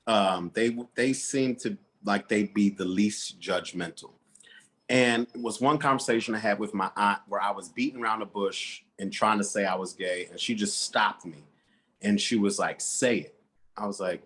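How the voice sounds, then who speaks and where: A man telling his coming out story as a guest, animated and acting out the voices of his relatives. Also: on the low side, normal speed, husky. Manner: animated, acts out quoted relatives. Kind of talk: personal storytelling.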